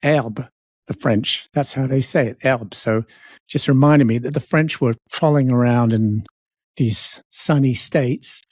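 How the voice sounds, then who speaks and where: A man's voice: mid-range voice, unhurried, a little mellow, no room sound, studio quality. A middle-aged Englishman with a London accent, chatting casually as co-host and telling rambling, self-mocking stories. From England. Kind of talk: casual chat.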